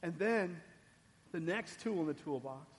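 A man preaching a sermon, dropping soft and low and then rising loud and emphatic. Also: lively intonation, measured pace. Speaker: pastor. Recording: long hall reverb.

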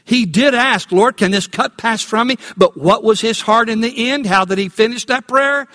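A man preaching a Sunday sermon as pastor, asking the congregation questions and slowing down to stress key words. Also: very high-pitched, bright, forceful tone, big-room sound. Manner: call-and-response questions to congregation. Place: church.

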